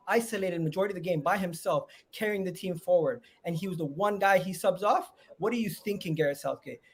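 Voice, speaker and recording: A man calling into a live football stream, teasing the host and arguing back. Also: sits high. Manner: teasing, argumentative. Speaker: caller. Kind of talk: heated live stream chat.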